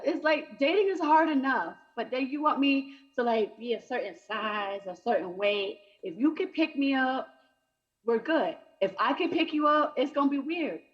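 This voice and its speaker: A woman's voice: high voice, lively intonation, moderate pace, muffled recording. A woman doing a brash, chatty stand-up comedy set over a video call. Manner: brash, chatty, punchy delivery.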